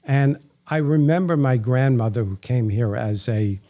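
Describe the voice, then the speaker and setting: A man with a New York accent and a warm, mellow tone. He tells stories at a leisurely, chatty pace and slips in dry, wry jokes. He sits mid-range in pitch, relaxed and unhurried as a guest in a casual interview. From New York, Bronx.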